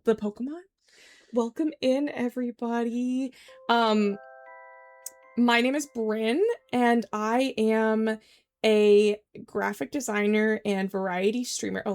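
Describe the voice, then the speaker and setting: A young woman streaming from home, chatting casually and rambling with lots of "like"s. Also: on the high side. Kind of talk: casual live-stream chat. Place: home room.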